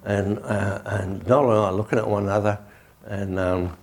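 A man with a somewhat low voice preaches a sermon, then moves into a spoken prayer. He tells it like a story, loose and conversational, with many "you know"s. He speaks while down on his knees. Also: fairly even intonation, moderate pace, gravelly, darkish tone. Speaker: pastor.

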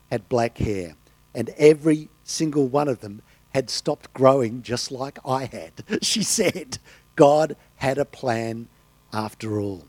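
A man's voice: mid-range voice, darkish tone, no room sound. A man preaching a sermon, telling stories and delivering quotes with emphasis. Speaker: pastor.

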